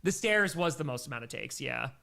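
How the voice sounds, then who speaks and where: A man hosts a casual livestream Q&A, rambling enthusiastically through viewer questions and thanking donors along the way. His medium-pitched voice is gravelly and sharp, with lively intonation and a fairly quick pace, over a little hiss or hum.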